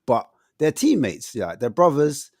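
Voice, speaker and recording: A man's voice: mid-range voice, very animated, unhurried, a little mellow, no echo, studio quality. A man, hosting a casual football chat and steering the talk along. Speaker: podcast host.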